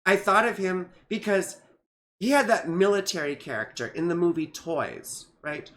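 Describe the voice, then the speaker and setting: A woman's voice: lowish voice, normal speed, a bit bright, slight background noise. A middle-aged woman astrologer in a casual vlog. She rambles through asides and keeps checking in with tag questions, recorded on a camera mic.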